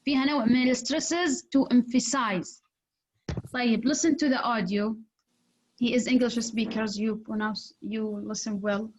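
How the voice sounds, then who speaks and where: A woman teaching an English class, explaining slowly in English and switching into rapid Arabic. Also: fairly high pitch, fairly even intonation, darkish tone, slight background noise. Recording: dull lo-fi recording.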